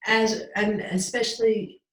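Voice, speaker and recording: A woman's voice: medium pitch, level tone, unhurried. A woman in her forties hosting an interview, asking long, admiring, rambling questions. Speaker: host. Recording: roomy echo.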